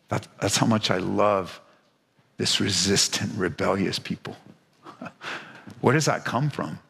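A man's voice: unhurried, gravelly, long pauses, a bit bright, husky. A male pastor preaching, reading scripture and then applying it with passionate, rising emphasis and repeated words. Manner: impassioned, rising pitch in emphatic stretches; repeats words when stressing a point. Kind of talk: sermon. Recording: long hall reverb.

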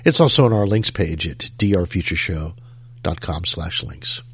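Male host, husky voice, lowish pitch, easygoing chat, casual fillers. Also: expressive, moderate pace. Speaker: talk show host. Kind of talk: casual co-hosted show talk.

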